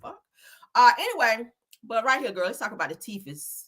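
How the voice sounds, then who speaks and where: A woman's voice: a little high, very animated, a little fast, a bit bright. A woman hosting casual celebrity gossip commentary, sassy and profane, laughing often. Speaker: commentary host.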